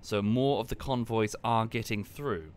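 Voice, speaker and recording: A man casually commenting on a live game stream and explaining history at length in a relaxed, wry way. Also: lowish voice, unhurried, smooth.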